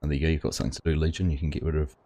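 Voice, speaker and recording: Low-pitched man, warm tone, livestream host, chatty greetings. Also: flat delivery, racing. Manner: chatty, greets viewers by name. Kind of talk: casual livestream chat while gaming.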